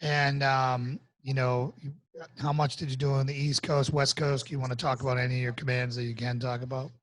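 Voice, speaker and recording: A middle-aged man hosting a podcast interview, chatty and jokey, quick to tease his guest. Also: medium pitch, flat delivery. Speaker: podcast host, former Navy SEAL. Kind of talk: casual interview conversation.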